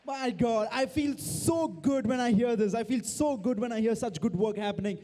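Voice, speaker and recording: High-voiced excitable auctioneer. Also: male voice, normal speed, slight background noise. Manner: energetic, excitable, calls out bids. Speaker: charity auction host. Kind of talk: live auction emceeing. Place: large event hall before a crowd. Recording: long reverb of a big hall.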